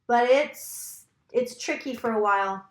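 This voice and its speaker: A woman's voice: fairly high pitch, unhurried. Chatty woman tarot reader, echoey room. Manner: chatty, rambling, swears casually. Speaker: psychic doing a tarot reading. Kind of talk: casual tarot reading monologue.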